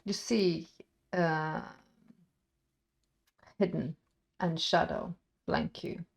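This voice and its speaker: Sex: woman. Role: game master. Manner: casual, laughing. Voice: low, gravelly. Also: drawn-out words. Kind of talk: narrating a tabletop game.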